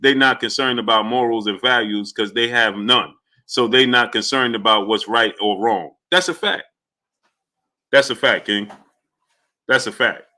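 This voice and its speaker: A man's voice: mid-range voice, a little slow. A man hosting a live stream, greeting viewers by name and ranting with heat. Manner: animated, heated, shouts out chat names. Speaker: livestream host.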